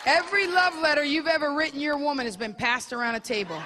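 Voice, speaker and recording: Brash high-voiced woman doing stand-up, crowd roaring. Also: quick pace, hardly any pauses. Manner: brash, bawdy, crowd-teasing delivery. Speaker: stand-up comedian. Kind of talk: stand-up comedy set. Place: comedy club stage. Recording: live club set with loud crowd laughter and noise. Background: crowd laughing.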